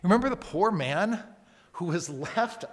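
Male pastor, slightly high voice, preaching a sermon, soft near-whispers and loud calls, long hall reverb. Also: lively intonation, a little slow. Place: church sanctuary.

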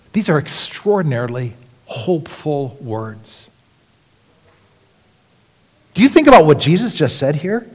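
A male pastor preaching with earnest conviction, his somewhat high voice swinging between hushed, near-whispered phrases and emphatic, rising appeals. The sound carries a long reverb from the church sanctuary around him. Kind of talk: sermon.

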